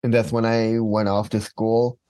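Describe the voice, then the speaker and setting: Low, mellow man telling stories. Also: flat delivery, unhurried, dry recording. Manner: storytelling, quoting others. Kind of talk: casual conversation.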